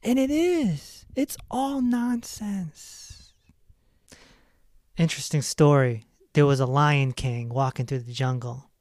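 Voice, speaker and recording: A male podcast host at a middling pitch, talking emphatically and with energy, often laughing at his own stories. The recording is dry, with no room sound. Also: a little mellow, no echo. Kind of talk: casual self-help monologue.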